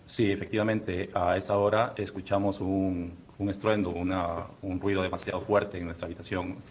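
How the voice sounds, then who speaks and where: Deep-voiced, rapid male witness. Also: level tone, a little hiss or hum. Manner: hesitant, with "eh" fillers. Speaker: trial witness. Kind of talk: courtroom testimony.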